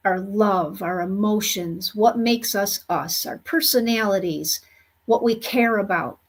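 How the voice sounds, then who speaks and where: A woman speaks at a slow, unhurried pace, recounting her experience earnestly. Her pitch sits in a middle register, and she fills her talk with "you know" as she shares the story as a spiritual medium. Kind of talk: storytelling monologue.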